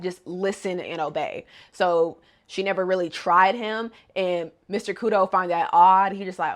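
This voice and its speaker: A woman casually recapping a cartoon episode, animated and slangy, who reacts loudly to the story. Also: lowish voice. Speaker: video host.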